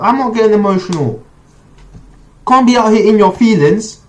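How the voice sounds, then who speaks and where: A man's voice: high-pitched, moderate pace, pauses often. A young man, reacting to a track in slangy, emphatic casual commentary. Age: 20s. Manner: emphatic, slangy, bursts of excitement. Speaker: reaction video host.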